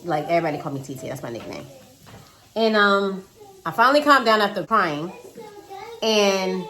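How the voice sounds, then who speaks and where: A woman in her thirties telling a casual storytime about her day, dramatic and animated, talking to viewers as "y'all" while cooking at home. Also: on the low side. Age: 30s. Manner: animated, dramatic retelling with quoted voices. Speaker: vlogger. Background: child singing in the background.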